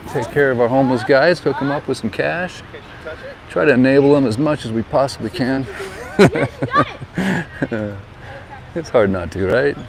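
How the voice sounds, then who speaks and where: A man's voice: medium pitch, gravelly, low-quality recording. A man chatting casually as he walks and films a seaside town, giving friendly tips like a tour guide. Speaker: vlogger and real estate agent. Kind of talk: casual walking vlog narration. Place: outdoors by a harbor and town street. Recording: outdoor street noise.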